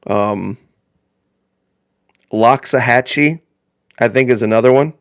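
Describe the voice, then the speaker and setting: A man's voice: medium pitch, slow pace, clean tone, no room sound. Folksy rambling man, dry close sound. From northern Indiana, US. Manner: rambling and folksy, repeats phrases for emphasis. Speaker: live-stream host. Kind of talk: casual live-stream chat.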